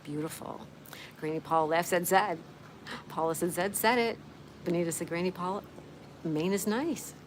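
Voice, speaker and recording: Outdoors, against steady background noise, a woman hosts a casual livestream, reading viewer comments aloud and warmly greeting each person by name. Her voice is fairly low, her pace moderate, and she leaves long pauses.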